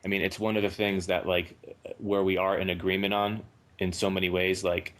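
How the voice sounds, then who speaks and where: A man's voice: low voice, flat delivery, fairly quick. A man in his thirties calling in to a talk show, speaking hesitantly and anxiously with many fillers and restarts. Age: 30s. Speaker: caller. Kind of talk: halting phone conversation.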